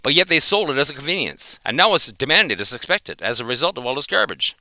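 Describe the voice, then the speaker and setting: A man's voice: on the high side, sing-song, fast talker, pushed and bright, no room sound. A man giving an angry, profane reaction commentary, confronting another dog trainer.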